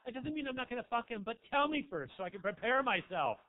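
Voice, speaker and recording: A fast-talking man from Marin County, California, with an extremely high voice and big swings in pitch, performs a crude, campy stand-up set in a small club. He rambles through a story and throws asides to the crowd. The live recording sounds tinny, almost like a phone.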